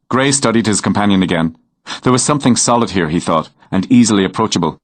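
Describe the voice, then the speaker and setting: A man narrating a romance novel in a measured, unhurried storytelling manner. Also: fairly low pitch, lively intonation, no echo. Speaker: audiobook narrator.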